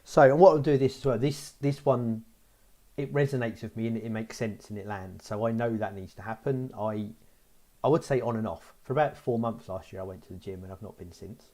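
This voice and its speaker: A man's voice: on the low side, fairly quick, dark tone. A middle-aged man co-hosting a podcast, talking in a reflective way as he thinks aloud. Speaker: podcast co-host. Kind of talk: casual podcast chat.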